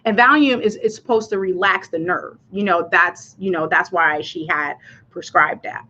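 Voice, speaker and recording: A woman's voice: lowish voice, moderate pace, bright, forceful tone, dull audio. A woman hosting a casual personal livestream. She talks in a chatty, rambling way with many fillers and restarts, and her voice sounds anxious and cracks. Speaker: livestream host.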